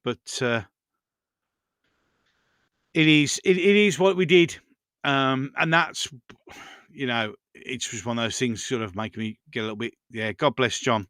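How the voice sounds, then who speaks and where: A man's voice: mid-range voice, unhurried, long pauses, a bit bright, clean tone, dry recording, studio quality. A man hosting a casual live stream, rambling through viewer comments and chatting to his pets.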